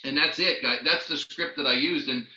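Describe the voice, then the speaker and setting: A man giving a network marketing training talk as a lively storyteller, acting out the people he quotes. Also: medium pitch, normal speed, roomy sound, highs cut off. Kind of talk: training talk with personal stories.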